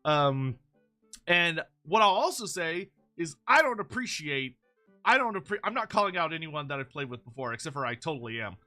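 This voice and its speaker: Bright-voiced man ranting through memes. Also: on the high side, big pitch swings, normal speed, faint music behind. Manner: rambling, swears freely, mock-outraged rants. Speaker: YouTube host reviewing fan memes. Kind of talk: casual meme-review commentary.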